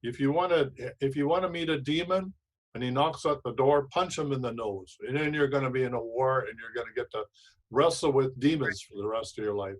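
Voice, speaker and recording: A man's voice: mid-range voice, fairly quick, low-quality recording. Emphatic man preaching advice. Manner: emphatic, preachy, repeats phrases. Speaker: show host. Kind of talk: casual advice talk.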